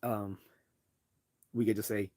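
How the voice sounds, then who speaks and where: A man's voice: fairly low pitch, flat delivery, takes it slowly, mellow. A man from the Northeastern US with a General American accent, talking casually on a livestream, hesitant with many restarts and fillers but blunt in his opinions. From Northeastern United States. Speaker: livestream host.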